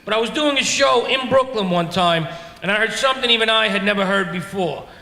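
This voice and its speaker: A man's voice: high-pitched, fairly quick, gravelly, bright, forceful tone. A man with a New York accent doing a brash, profane, self-mocking stand-up comedy set on a brewery stage. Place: brewery stage before a live crowd. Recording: echoey hall with audience laughter.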